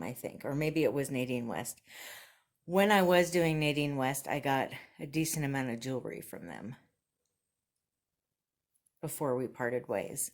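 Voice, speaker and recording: A woman vlogger chatting casually and enthusiastically through a thrift haul and try-on, laughing often. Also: a bass voice.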